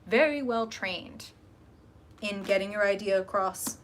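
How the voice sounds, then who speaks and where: Woman tarot reader on a live stream, mid-pitched, lively and casual, a faint hum behind her. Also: measured pace. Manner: animated, swearing, talks to chat viewers.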